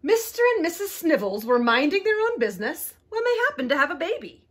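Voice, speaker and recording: A woman librarian reading picture books aloud to young children, animated and expressive, inviting them to join in. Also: high voice, fairly quick. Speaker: librarian storyteller.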